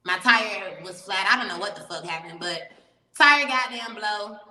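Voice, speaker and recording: A woman telling a story as an interview guest, animated and profane, laughing often. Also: mid-range voice, normal speed, reverberant, in a large hall, low-quality recording. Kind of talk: casual storytelling.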